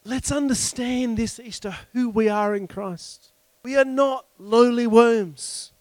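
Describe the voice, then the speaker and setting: A man preaching a sermon with passion, breaking into shouts and slowing down to stress key phrases. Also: extremely high pitch, dry recording. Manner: impassioned preaching with sudden shouts and slow emphatic phrases. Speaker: pastor.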